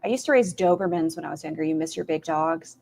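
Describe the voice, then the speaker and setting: A woman's voice: low voice, quick pace, creaky, darkish tone, slight background noise. A woman hosting a reaction stream, making wry, snarky comments on clips and chatting with viewers.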